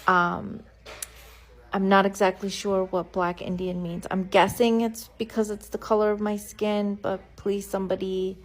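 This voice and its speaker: A woman calmly and earnestly asking viewers for clarification. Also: mid-range voice, unhurried, poor audio. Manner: calm, earnest, questioning.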